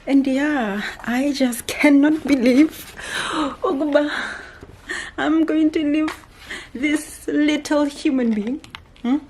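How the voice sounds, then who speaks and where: A woman's voice: high voice, steady tone, takes it slowly, darkish tone, slight background noise. A South African woman talking in sing-song baby talk to a small child during her vlog. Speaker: vlogger. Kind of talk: talking to a toddler on camera.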